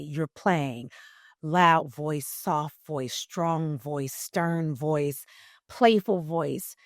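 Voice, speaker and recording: A woman voice coach talking in a podcast interview, expressive and emphatic, shifting her loudness and pitch to make a point. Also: no room sound, clean studio sound. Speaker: voice coach guest.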